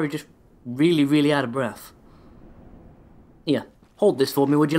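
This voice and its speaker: A man's voice: fairly high pitch, fairly even intonation, normal speed, long pauses, darkish tone. A man with a sore throat giving rambling, sarcastic let's-play commentary, swearing often as he plays. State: sore throat, voice held back. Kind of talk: casual gameplay commentary.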